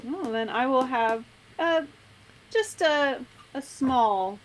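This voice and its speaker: A woman's voice: high-pitched, expressive, slow pace, a little hiss or hum, poor audio. A woman playing a tabletop game, playfully ordering food for her character. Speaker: player.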